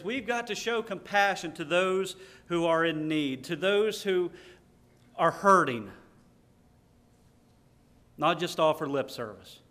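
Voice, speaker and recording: A man's voice: on the high side, a bit bright. A man preaching a sermon, stressing key words and reading scripture aloud.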